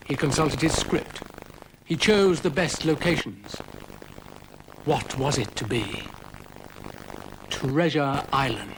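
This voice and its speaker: A British man narrating a children's story in a dry, gently wry way. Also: mid-range voice, gravelly, slight background noise, poor audio.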